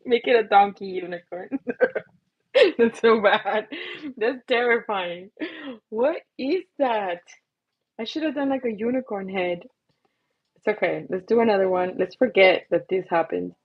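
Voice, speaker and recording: A woman's voice: mid-range voice, unhurried, long pauses, husky, no echo, dull audio. A young woman hosting a casual drawing livestream, chatty and giggly, laughing at her own doodles as she talks. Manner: giggly, chatty, self-mocking.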